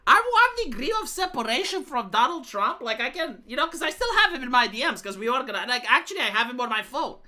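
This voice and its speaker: Woman, live streamer, casual chat, profane rambling, animated pitch, bright sharp voice. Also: quick pace, few pauses. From Romania. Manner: rambling, profane storytelling with many fillers.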